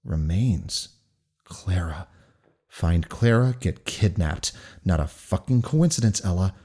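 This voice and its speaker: A man's voice: low voice, animated, takes it slowly, mellow, breathy edge, exaggerated voice. A man reading the lines of a trapped, furious young woman who swears and coaches herself in clipped bursts. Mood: tense self-talk.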